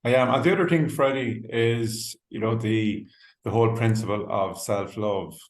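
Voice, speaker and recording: A man hosting a podcast, from Ireland, asking halting questions with short interjections. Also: fairly low pitch. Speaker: podcast host. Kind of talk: casual interview chat. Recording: echoey room.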